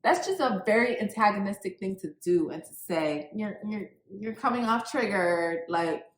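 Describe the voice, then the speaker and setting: A woman co-hosting a casual recap chat about a reality show, emphatic and animated, often saying "like". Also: mid-range voice, moderate pace. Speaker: co-host. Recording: echoey room.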